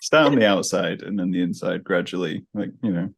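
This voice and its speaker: Deep-voiced British man chatting casually. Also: brisk, gravelly. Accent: light British. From United Kingdom. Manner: restarts often, laughs while talking. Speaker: podcast host. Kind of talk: casual chat. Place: New York.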